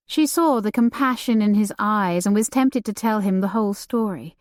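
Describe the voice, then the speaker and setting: A woman narrating a historical romance audiobook in a calm, measured way. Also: medium pitch, dry recording, studio quality. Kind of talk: scripted narration.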